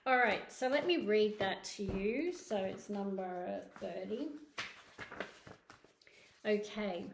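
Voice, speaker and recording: A woman's voice: mid-range voice, slow, creaky, pauses often. A woman with a Scottish accent giving a monthly tarot reading to camera, effusive and emotional, often checking in with "okay?". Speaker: tarot reader. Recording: roomy echo.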